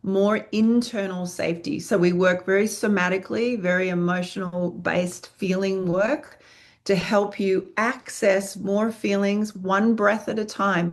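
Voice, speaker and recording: A woman acting teacher answering interview questions in an earnest, frank way, speaking in long flowing lists and swearing freely. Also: mid-range voice.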